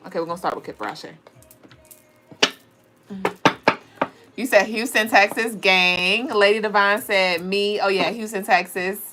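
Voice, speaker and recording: A woman's voice: mid-range voice, fairly even intonation, a little slow, pauses often, noisy background. A woman hosting a live tarot reading, chatty and playful, talking to her viewers in a style. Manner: chatty and playful, laughing often, talks to chat viewers. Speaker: livestream tarot reader and astrology host.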